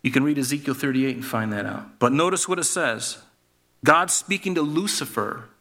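A man's voice: mid-range voice, moderate pace, pushed and bright. A man preaching a sermon, reading scripture aloud and then explaining it conversationally, calling the listeners folks and asking them questions. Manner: addresses the listeners as folks, asks rhetorical questions.

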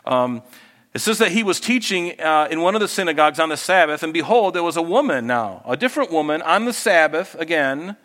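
A man preaching with a slightly higher-than-usual voice. He drops to soft, confiding asides, then lifts into raised, emphatic lines. His delivery is expressive, shaped for a congregation. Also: fairly quick. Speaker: pastor. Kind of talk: sermon.

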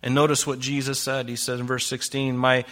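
A man preaching a conversational verse-by-verse sermon as a pastor, full of rhetorical questions and dropping into soft, low asides. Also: level tone, a little fast. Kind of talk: sermon, verse-by-verse Bible teaching.

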